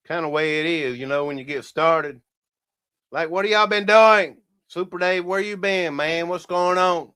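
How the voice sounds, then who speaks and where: A man's voice: fairly high pitch, moderate pace, pushed and bright, clean tone. A man hosting a casual livestream, rambling and chuckling as he talks to his viewers. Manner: rambling, laughs often, talks to viewers as "y'all". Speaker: livestream host.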